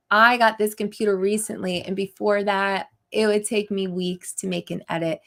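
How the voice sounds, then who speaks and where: A woman's voice: mid-range voice, gravelly, fairly bright tone. A woman hosting a live stream, chatting casually with viewers and laughing often. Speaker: livestream host. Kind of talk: casual live chat reading viewer comments.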